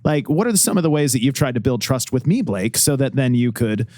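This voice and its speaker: A man hosting a podcast interview, asking questions in a playful, joking way with pitch that jumps around. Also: expressive, a little fast, mellow, no room sound, studio quality. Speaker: podcast host.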